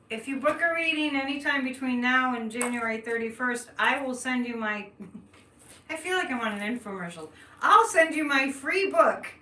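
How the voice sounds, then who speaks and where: A woman's voice: a little high, sharp tone. A woman from the Boston area with a light Boston accent, reading cards on a live stream and chatting with viewers, laughing often and thinking aloud. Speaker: psychic reading cards on a livestream. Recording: echoey room, distant mic, faint noise.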